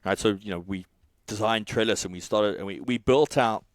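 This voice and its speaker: A man who coaches and co-founded a software company, telling a casual podcast story full of swearing, restarts and fillers. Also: fairly low pitch, normal speed, no echo. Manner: swears often, rambling with restarts.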